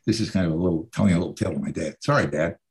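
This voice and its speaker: An older man, an actor, telling casual anecdotes about his stage career in an animated way. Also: low voice, very fast. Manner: animated anecdotes, mimics the people he quotes. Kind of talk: casual conversational storytelling.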